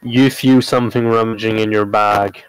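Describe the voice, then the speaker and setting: A man in a relaxed, descriptive manner, narrating as game master of a tabletop game. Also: fairly low pitch, normal speed, clean tone, no room sound, low-quality recording.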